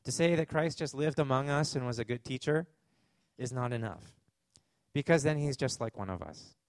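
Gravelly Canadian man preaching. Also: mid-range voice, moderate pace, no echo. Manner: conversational preaching with asides and fillers. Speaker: pastor. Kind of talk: sermon.

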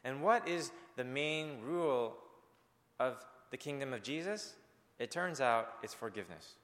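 A man's voice: medium pitch, expressive, a little slow, fairly bright tone, long reverb tail. A male pastor preaching a sermon in an earnest, conversational way, speaking directly to his congregation.

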